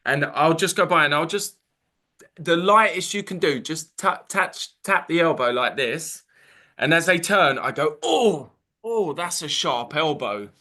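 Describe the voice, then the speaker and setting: A man's voice: fairly high pitch, unhurried, pushed and bright. A man hosting a panel of dating coaches, casually explaining pickup openers and acting out both sides of the conversation.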